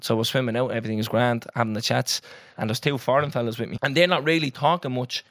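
A young Irish man co-hosting a podcast, telling a story in an animated, sweary, casual way. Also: medium pitch, fast, no echo, clean studio sound. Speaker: podcast co-host. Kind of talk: casual chat.

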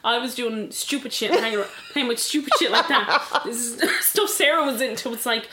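A woman's voice: on the high side, fairly quick, few pauses, sharp tone, roomy sound. A woman in her thirties with a Dublin accent, co-hosting a podcast in casual chat and telling stories with plenty of laughing. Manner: chatty, laughs often, tells stories. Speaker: podcast co-host.

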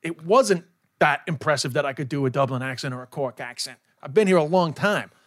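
A fast-talking American man with a slightly raised voice, telling his story as a podcast guest. He is frank and self-mocking and swears freely. The sound is dry and close. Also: a little high, animated, no room sound. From New York, USA. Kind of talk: candid casual chat.

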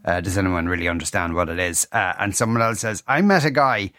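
A man's voice: low voice, quick pace, pushed and bright, no room sound, studio quality. A man hosting a radio talk show, reading listener messages with wry, teasing banter. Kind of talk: casual radio chat. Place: radio studio. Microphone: studio mic.

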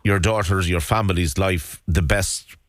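A man hosting a radio interview, asking gentle, sympathetic questions. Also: low-pitched, steady tone, measured pace, no echo. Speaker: radio host.

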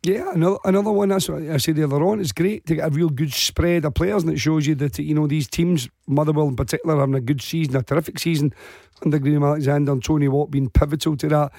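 Glaswegian male football pundit, hoarse, raised pitch, dry studio sound, chatty and rambling. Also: steady tone, fast, darkish tone, dry recording. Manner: chatty, rambling, many fillers. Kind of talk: radio phone-in punditry.

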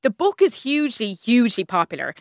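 A woman's voice: a little high, very animated, brisk, dry recording, studio quality. An Irish woman chatting casually on the radio as a TV reviewer, laughing often and restarting her sentences. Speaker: TV and film reviewer.

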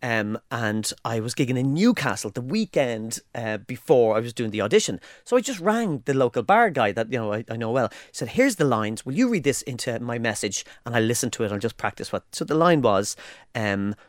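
A man's voice: mid-range voice, very animated, a little fast, no echo, studio quality. A man co-hosting a podcast, joking and laughing often as he tells stories in casual chat. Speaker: podcast co-host.

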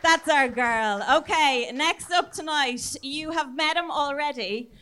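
A woman's voice: high-pitched, slow, bright, forceful tone. An Irish woman co-hosting a live podcast show, bubbly and gushing and whooping to the audience. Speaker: podcast co-host. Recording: live venue with clear background noise.

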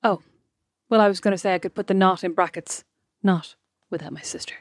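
A woman's voice: mid-range voice, fairly even intonation, fairly quick, dry recording. A woman in her thirties co-hosting a podcast, talkative and wry with self-deprecating humour. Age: 30s. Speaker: podcast co-host. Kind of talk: casual chat.

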